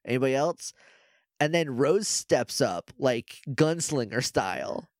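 Speaking slowly in a mid-range voice, this man co-hosts a podcast and chats through a show's episode, performing the characters' lines with animation. The recording is studio quality, free of room sound.

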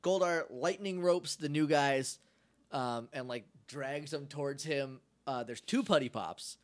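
A man's voice: a little high, a little slow. A man co-hosting a podcast, chatting casually as he recaps an episode and acts out the characters' lines. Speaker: podcast co-host.

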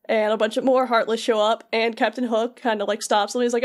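A woman's voice: fairly high pitch, flat delivery. Chatty young woman rambling through a recap. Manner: rambling, filler-heavy storytelling with quick voiced asides. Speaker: podcast co-host. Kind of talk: casual chat recapping a video game.

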